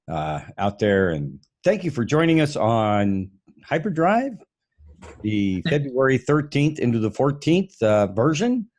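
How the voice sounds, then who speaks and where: A man's voice: lowish voice, darkish tone. Chuckling male live-stream host. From Pacific Northwest. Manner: chuckling, reads out listener check-ins. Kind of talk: casual live-stream chat.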